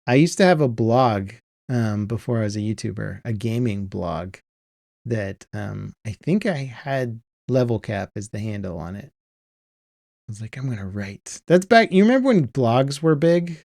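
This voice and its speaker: A man in his thirties hosting a podcast, telling nostalgic stories in a relaxed, rambling way with many fillers. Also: medium pitch, a little slow, gravelly, dry recording, clean studio sound. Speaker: podcast host. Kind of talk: casual chat.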